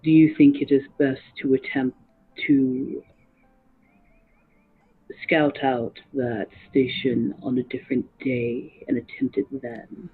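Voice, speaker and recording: A man voicing a gentle heroine over a tinny line. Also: mid-range voice, steady tone, takes it slowly, husky, faint music behind. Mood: earnest. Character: earnest young woman, gentle and focused.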